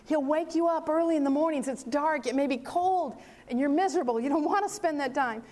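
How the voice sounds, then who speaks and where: An older woman preaching, telling a story with lively acted-out dialogue. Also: sits high, fairly quick. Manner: animated storyteller acting out dialogue. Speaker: speaker. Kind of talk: sermon storytelling.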